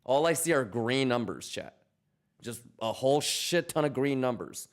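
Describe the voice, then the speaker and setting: Male streamer, mid pitch, hyped and profane, casual talk to chat on a desk mic. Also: expressive, normal speed. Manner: hyped, profane, teasing, repeats questions to chat. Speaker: crypto trading streamer.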